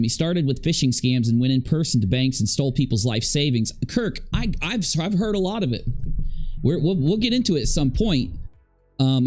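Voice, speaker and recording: A man in a ranting commentary, emphatic and rambling, circling back over his own phrases. His voice sits at an ordinary middle pitch, and faint music plays behind him. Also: a little mellow. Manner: talking while eating and drinking. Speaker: commentary channel host.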